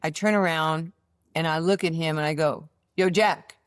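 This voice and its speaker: A woman in her sixties with a New York accent, telling animated stories as an interview guest and acting out the voices in them. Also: sits low, normal speed, clean tone, dry recording, studio quality. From United States. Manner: animated storyteller, acts out voices in her anecdotes. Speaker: interview guest, former basketball player. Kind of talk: casual storytelling interview.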